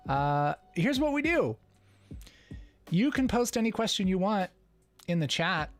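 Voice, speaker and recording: A man's voice: high-pitched, very animated, measured pace, pauses often, dry recording. Upbeat man hosting a livestream. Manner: playful, chuckles often, reads chat aloud. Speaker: livestream host. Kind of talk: casual livestream Q&A.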